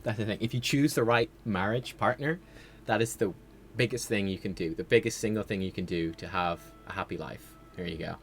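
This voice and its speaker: A man with a lowish voice talks through a video game stream in a loose, chatty way, wandering between thoughts and filler words. Now and then he bursts out excitedly at the action. A faint hiss sits under his voice. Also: fairly quick. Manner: chatty, rambling, with fillers and sudden excited outbursts. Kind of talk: casual livestream gameplay commentary.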